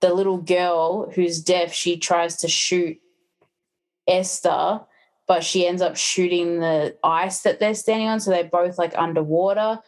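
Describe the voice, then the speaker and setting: A woman's voice: lowish voice, level tone, a little slow. A woman chats loosely on a podcast. She keeps retelling stories, filling gaps with little fillers as she goes. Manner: chatty, lots of fillers, retells plots. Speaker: podcast guest. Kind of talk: casual chat.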